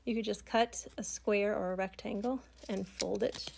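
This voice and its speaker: Soft-spoken woman teaching an art project. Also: medium pitch, fairly even intonation, vocal fry, a little hiss or hum. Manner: soft, slow storytelling with whispered asides. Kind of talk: art tutorial narration. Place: home studio at a table.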